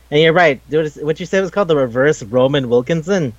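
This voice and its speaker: A man chatting casually about a video game, rambling and swearing as he acts out the characters' lines in quick bits. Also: fairly high pitch, no room sound, highs cut off. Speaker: podcast co-host.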